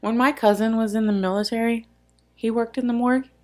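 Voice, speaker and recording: A woman's voice: on the high side, fairly even intonation, a little fast, darkish tone. A woman co-hosting a true-crime podcast in casual chat, blunt and speculating aloud. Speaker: podcast co-host.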